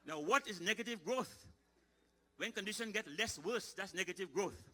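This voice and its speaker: A middle-aged man, telling folksy comic stories on stage at a ceremony. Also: high voice. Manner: lively, folksy, quick to shift into voices. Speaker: storyteller and comedian. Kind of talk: live comic storytelling.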